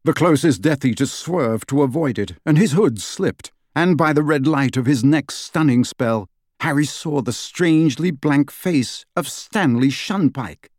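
A man narrating an audiobook with dramatic, lively storytelling of an action scene. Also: fairly high pitch, measured pace, no echo, clean studio sound.

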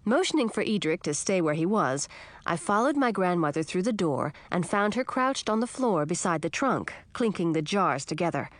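A woman's voice: lowish voice, sing-song, normal speed, dry recording. A woman narrating a fantasy storybook in the first person, reading expressively. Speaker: audiobook narrator.

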